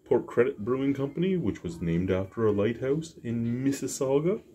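A man's voice: medium pitch, expressive, moderate pace, dark tone, slight background noise. A man casually reviewing a beer to camera at home, joking and rambling in a self-deprecating way. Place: home basement.

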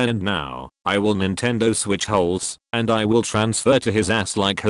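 A man's voice: on the low side, moderate pace, hardly any pauses, no echo, studio quality. A man delivering a crude comic monologue in character, gleeful, giggling and breaking into sing-song chants.

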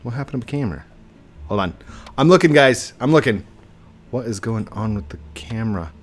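A young man giving chatty, excitable live commentary while he plays a game, breaking into baby talk with his in-game dog. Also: on the low side, a little fast, husky, faint music behind. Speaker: gaming streamer. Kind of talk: casual live gameplay commentary. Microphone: desk mic with webcam.

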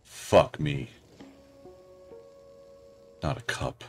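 A man's voice: very deep voice, drawn-out words, soft background music. A man hosting a let's play, giving casual gameplay commentary with sarcastic jokes and frequent swearing. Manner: joking, sarcastic, swears a lot.

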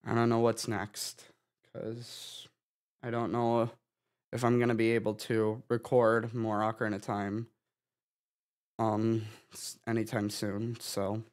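A young man giving a halting personal update to his channel, sighing and restarting his sentences, tearful from crying. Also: on the low side, monotone. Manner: halting, with many restarts and sighs. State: tearful, having been crying. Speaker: gaming YouTuber.

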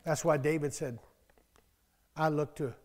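Older male pastor, slightly high voice, folksy and conversational, loud scripture bursts, long hall reverb. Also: steady tone, unhurried. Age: 60s. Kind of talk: conversational sermon.

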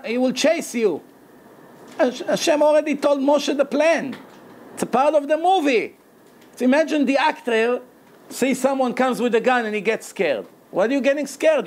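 A man giving a Torah lecture as a rabbi, animated and dramatic, laughing often and acting out quotes. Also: extremely high pitch.

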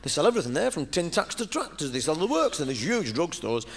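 A middle-aged Lancashire comic rambles through a stand-up story in front of a live audience, saying "you know" again and again. His voice is a little high with big pitch swings and a quick pace, in a noisy live stage recording.

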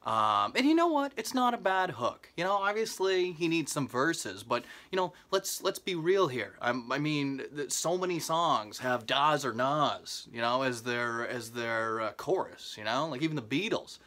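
A young comedian telling a rambling comic story in a home vlog, full of asides and fillers, now and then leaping up into mock disbelief. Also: male voice, animated, normal speed, hardly any pauses, a bit bright. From Canada. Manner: jumps into exaggerated high disbelief. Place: parents' basement.

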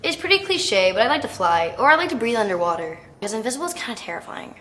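A teenage girl telling stories casually in an interview, chatty and animated, with plenty of filler words. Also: fairly high pitch, quick pace, slight background noise. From United States. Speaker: actress interviewee.

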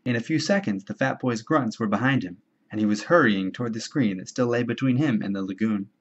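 Man reading a novel aloud, muffled. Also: medium pitch. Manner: measured, steady storytelling. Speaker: audiobook reader. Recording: dull lo-fi home recording.

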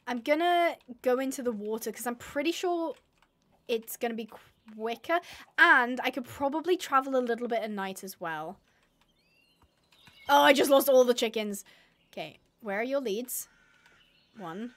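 A woman's voice: on the high side, animated, moderate pace, pauses often, fairly bright tone. A woman streaming a game live, chatting and mocking herself as she talks to her animals. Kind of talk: live gameplay commentary.

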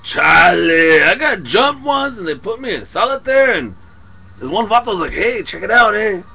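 A man's voice: sits high, big pitch swings, moderate pace, gravelly, bright, forceful tone, breathy edge, exaggerated voice. A young man playing a tough but sentimental male ex-convict, ending lines with a drawled "eh?". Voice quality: drawls tag "eh?" after lines. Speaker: comedy performer. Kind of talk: improvised comedy skit.

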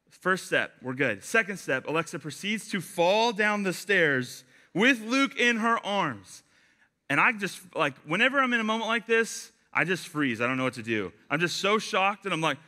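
A young man giving a casual youth sermon, chatty and animated, telling stories with lots of fillers. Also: fairly high pitch, normal speed. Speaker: youth pastor.

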